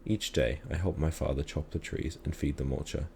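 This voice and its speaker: A man calmly reading a children's story aloud in a measured storytelling manner. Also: very deep voice, gravelly, slight background noise. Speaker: reader.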